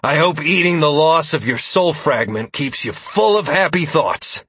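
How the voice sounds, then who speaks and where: Casting: male narrator doing a fierce young hero, raised husky voice, snarling, fantasy audiobook. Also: a little high, lively intonation, a little slow, no echo, pitched above the performer's own voice, full character voice. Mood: vengeful. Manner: snarling, shouting.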